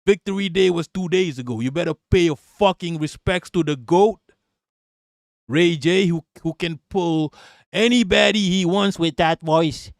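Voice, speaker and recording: A live-stream political commentator delivers a reaction rant in a fairly high, gravelly voice, unhurried yet insistent and repetitive, hammering his points and swearing constantly. He is recorded close and dry, with no room sound and no echo.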